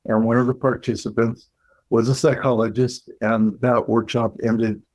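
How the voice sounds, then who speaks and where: A man, a clinical psychologist, telling a story as a guest in an interview, measured and reflective, pausing and restarting as he thinks. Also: medium pitch, little pitch movement, darkish tone, poor audio.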